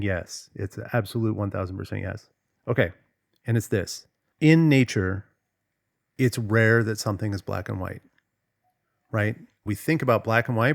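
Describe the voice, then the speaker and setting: A low-voiced man with a gravelly fry in his tone. He talks casually and emphatically as a coach, slipping into little acted-out voices. The sound is dry and close. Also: no echo. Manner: animated, emphatic, acts out quoted voices. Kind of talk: casual talk to camera.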